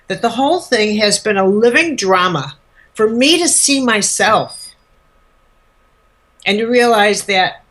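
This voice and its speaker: A woman's voice: a little high, a bit bright. A woman teacher giving a live spiritual lecture, speaking emphatically and bluntly, repeating words for force.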